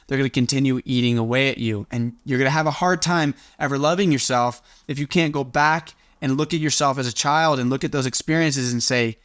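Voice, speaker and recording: A man's voice: mid-range voice, a bit bright, no room sound, studio quality. A young man coaching viewers on self-love in an earnest, motivational teaching style, often dropping in a casual "like". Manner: earnest and coaching, loose with filler "like". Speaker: confidence coach.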